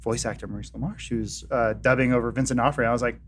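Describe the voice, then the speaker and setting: A man co-hosting a casual podcast who talks excitedly and trips over his words with restarts. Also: medium pitch, fast, slight background noise. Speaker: podcast co-host.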